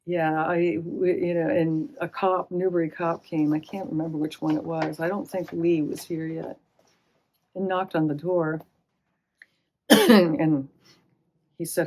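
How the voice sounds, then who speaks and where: Lively woman storyteller, lower voice. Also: unhurried. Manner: animated storyteller acting out quoted voices. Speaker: interviewee. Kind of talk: oral history storytelling. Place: public library.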